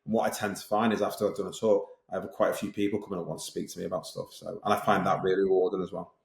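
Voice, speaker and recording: A middle-aged man telling his story as a podcast guest, fast and lively, acting out other people's lines as he goes. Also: low voice, vocal fry, reverberant. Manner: fast, animated, tells stories with quoted voices. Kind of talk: casual interview storytelling.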